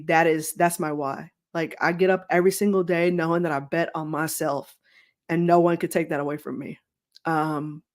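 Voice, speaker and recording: Candid, talkative woman on a video call. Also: on the low side. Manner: candid, talkative, laughs easily. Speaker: sports journalist guest. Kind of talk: casual interview chat.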